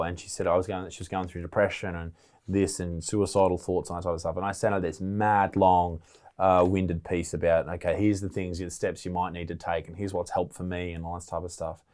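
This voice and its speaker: A man's voice: low-pitched, fairly even intonation, fairly quick, a little mellow. A young adult man with an Australian accent, hosting a podcast in casual chat and telling stories with swearing and restarts. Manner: swearing, storytelling with frequent restarts. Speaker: podcast host.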